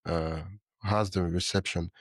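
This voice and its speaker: A man hosting a podcast, with a very deep voice recorded close and dry. He asks rambling questions and hesitates as he searches for the words. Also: fairly even intonation, a little slow, dry recording. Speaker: podcast host. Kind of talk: casual interview chat.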